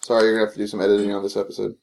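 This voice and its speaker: A young man co-hosting a casual podcast chat, an animated storyteller who swears a lot and laughs often. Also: fairly low pitch, racing, vocal fry, slight background noise. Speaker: podcast co-host.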